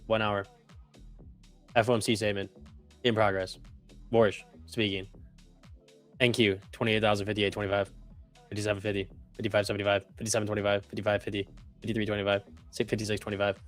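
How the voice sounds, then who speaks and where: A man co-hosts a live trading stream in a relaxed, slangy way, rattling off strings of price levels. His voice sits a little low. Faint music runs behind him. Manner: laid-back, slangy, rattles off price numbers. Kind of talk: casual chat and rapid market readout.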